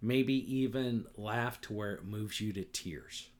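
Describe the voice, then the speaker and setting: A middle-aged man with a lowish, unhurried voice hosts a solo podcast, ranting angrily and swearing a lot. He repeats himself and keeps tagging his points with "right?" and "okay?".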